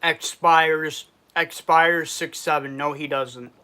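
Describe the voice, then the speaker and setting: A man's voice: a little high, steady tone, slow, bright, forceful tone, clear, resonant tone. A man from Western New York with a New York accent, hosting a casual food review livestream, reading viewer comments aloud and answering them, sad underneath.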